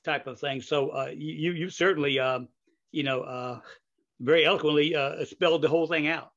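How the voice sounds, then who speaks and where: A man's voice: a little high, steady tone, normal speed, fairly bright tone. Older man rambling in lo-fi audio. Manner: rambling, with many fillers and restarts. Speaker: podcast host. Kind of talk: casual interview chat. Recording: dull lo-fi audio.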